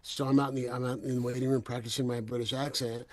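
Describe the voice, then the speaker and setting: A middle-aged man from the Bay Area hosting a podcast, telling animated stories in casual chat and laughing freely. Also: medium pitch, fast. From US, San Francisco Bay Area. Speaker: podcast host.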